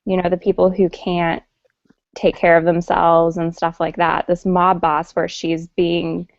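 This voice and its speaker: A woman with a gravelly, creaky edge talks through her opinions in a loose, hesitant way. The sound is dry and dull, like a lo-fi online call. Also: lowish voice, monotone, unhurried, no echo. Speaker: panelist. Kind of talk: casual chat. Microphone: video call.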